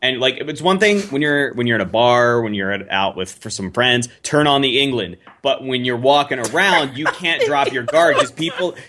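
A young man from the United States with a bright, forceful voice rants crudely and jokingly on a casual podcast. His pitch sits mid-range, and laughter breaks through often. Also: moderate pace, hardly any pauses. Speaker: podcast co-host. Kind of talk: casual chat.

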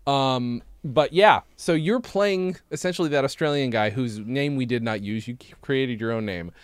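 A man's voice: mid-range voice, moderate pace, smooth, no room sound. A man co-hosting a casual chat, rambling and cutting himself off, with some casual swearing. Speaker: podcast co-host. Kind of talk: casual chat reviewing old videos.

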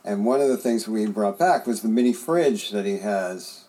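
A man's voice: on the low side, lively intonation, moderate pace, mellow. A middle-aged man co-hosting a podcast, telling a long casual story with rambling restarts and the odd curse. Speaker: podcast co-host. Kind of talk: casual chat.

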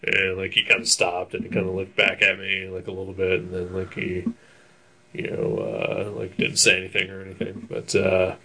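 A man's voice: deep voice, normal speed, vocal fry, sharp tone, slightly rough. A young man telling a long story on a casual talk show, rambling with many fillers, laughing often and swearing freely. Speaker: podcast co-host telling a story. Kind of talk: casual chat.

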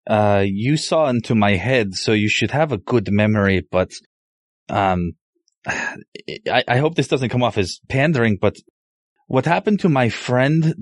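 Halting man playing a tabletop game. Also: medium pitch, dry recording, clean studio sound. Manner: halting, rambling, with many restarts. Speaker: player. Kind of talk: casual tabletop game play.

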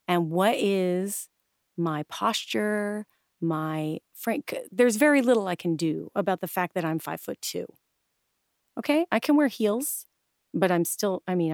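A woman's voice: mid-range voice, darkish tone, no echo, clean studio sound. A woman guest chatting animatedly in an interview, with many restarts and acted-out quotes. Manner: acts out quoted voices. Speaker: guest, improv coach and stylist. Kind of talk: casual interview chat.

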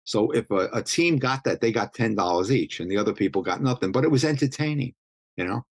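Here the interviewee is a Brooklyn street photographer in his 70s, speaking briskly with a fairly low, slightly rough voice and lively intonation. The recording has no room sound. His storytelling is chatty and meandering, packed with restarts and you-knows.

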